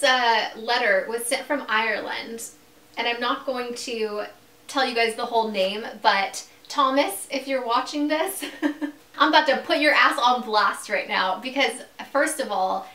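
A young woman chats through a giggly storytime vlog at home, her fairly high voice full of fillers and laughter. The room is echoey and she sits a little back from the mic. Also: a bit bright, far from the mic. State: recovering from surgery. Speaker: YouTuber.

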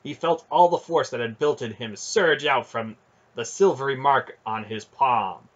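A man reading a fantasy novel aloud in steady storytelling narration. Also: medium pitch, a little slow, muffled recording. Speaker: audiobook reader.

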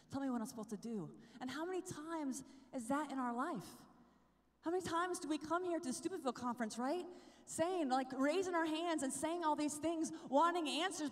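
High-voiced woman preaching in a big hall. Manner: energetic, chatty, asks the crowd "right?" often. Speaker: speaker at a youth conference. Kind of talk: lively preaching talk. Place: large conference hall with a live crowd. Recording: live talk in a big reverberant hall.

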